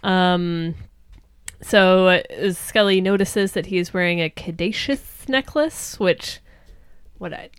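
A woman's voice: fairly low pitch, slow, smooth, no echo. A woman co-hosting a podcast, recapping a TV episode with wry, playfully pedantic humor. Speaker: podcast co-host. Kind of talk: casual chat recapping a TV episode.

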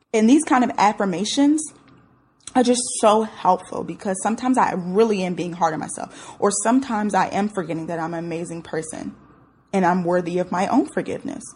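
A woman's voice: medium pitch, brisk, darkish tone, a little hiss or hum. A young woman talking casually to her listeners, candid and brash, swearing freely and reacting with emotion. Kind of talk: casual solo talk to listeners.

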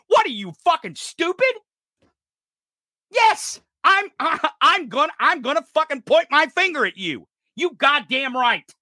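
Furious podcast host, male, profane shouting rant, bright edgy voice. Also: extremely high pitch, dry recording, studio quality. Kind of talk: political rant.

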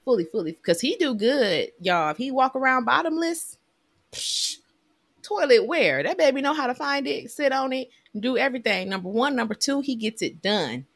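A woman's voice: sits high, normal speed, no echo, clean studio sound. Chatty woman in her thirties. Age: 30s. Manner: chatty and animated, with lively storytelling. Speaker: podcast co-host. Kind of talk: casual chat.

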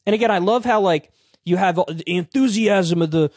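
A man's voice: sits high, normal speed, a little mellow, no room sound, studio quality. Sarcastic, profane man hosting a commentary show. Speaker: political commentary show host. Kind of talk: reading news articles aloud with sarcastic commentary.

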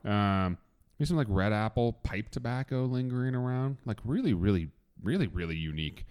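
Lower-voiced man gushing over whiskey. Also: expressive, moderate pace, a little mellow, clean tone. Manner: enthusiastic, joking, swears freely. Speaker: podcast host. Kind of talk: casual whiskey tasting chat.

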